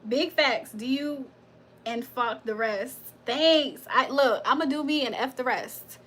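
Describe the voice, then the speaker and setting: In no hurry, a woman whose voice sits high with a fairly bright tone hosts a tarot livestream. Her chat is casual storytelling, full of laughter and free swearing.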